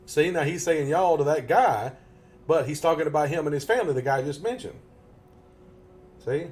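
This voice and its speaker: A man's voice: on the high side, fairly quick, a little mellow. A man chatting casually as a gaming live streamer, folksy and rambling, chuckling often. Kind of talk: casual chat over gameplay.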